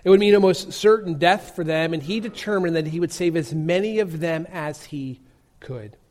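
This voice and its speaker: A man preaching a sermon, telling a story earnestly with emphatic pauses. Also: on the high side, darkish tone.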